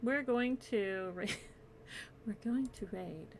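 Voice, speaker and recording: A woman's voice: on the high side, slow pace, long pauses, slight background noise. A woman streamer chatting casually with her viewers while crocheting, giggling often and yawning near the end of her stream.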